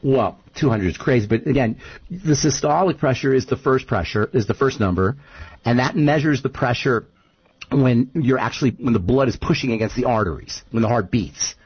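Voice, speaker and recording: A man's voice: mid-range voice, moderate pace, slightly rough, muffled recording. A man speaking as a nutrition expert guest on a radio talk show, emphatic and repeating his points, often telling stories.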